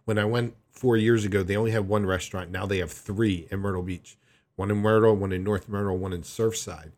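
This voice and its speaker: A man's voice: on the low side, fairly quick. A man telling a personal story to camera in a casual, rambling way, often restarting his sentences. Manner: rambling, animated retelling with frequent restarts. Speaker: vlogger.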